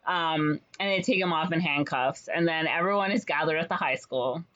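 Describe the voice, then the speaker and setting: A young adult chattily retelling a musical's plot, with lots of ums and quick jumps in pitch to act out the lines. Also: sharp tone. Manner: rambling storyteller with many fillers, jumps to higher pitch for quoted lines. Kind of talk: casual chat. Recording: slightly dull lo-fi recording.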